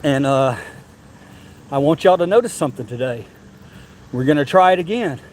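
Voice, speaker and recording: Walking around a zoo outdoors on a live stream, this vlogger laughs, chats and repeats himself, a bit breathless as he goes. He speaks at a moderate pace in a fairly high voice with lively intonation, over a slight hiss or hum.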